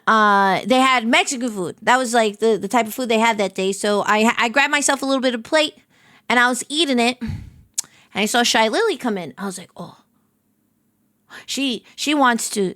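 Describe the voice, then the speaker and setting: A woman's voice: on the high side, dry recording, clean studio sound. A woman streamer casually telling a story to her chat, acting out the quotes from it. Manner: animated anecdote telling with acted-out quotes.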